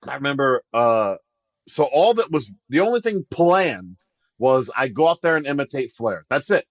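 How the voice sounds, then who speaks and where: A man guest on a podcast, telling a story in a casual, animated way, acting out quotes and laughing as he goes. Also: mid-range voice, moderate pace, no echo.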